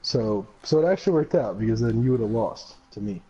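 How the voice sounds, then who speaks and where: A young man streaming a game with friends ribs them with profane mock anger in casual banter. His voice is on the low side with a dark tone, animated and brisk, and the audio is dull and lo-fi with crowd noise.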